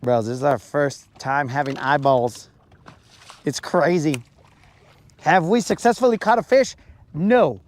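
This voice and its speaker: Fishing outdoors on a lake, a man chats casually on a live stream, ranting in a playful, mock-serious way and drawing out his words. His voice is a little high.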